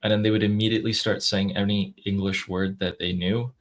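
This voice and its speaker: A man from the United States chats on a livestream with a relaxed, wry manner. His voice sits fairly low, and he talks things over at an easy, unhurried pace. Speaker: livestream co-host. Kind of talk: casual livestream chat.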